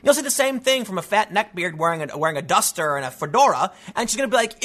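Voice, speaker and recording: A man's voice: sits high, big pitch swings, quick pace, pushed and bright. A man hosting an opinionated solo commentary show, talking in a mocking way and often stammering repeated words. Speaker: political commentary host.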